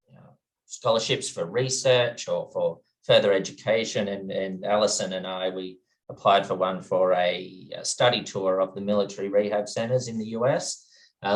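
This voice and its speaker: Australian man, low easygoing voice. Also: steady tone, normal speed, low-quality recording. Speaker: guest, exercise physiologist. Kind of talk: casual interview talk.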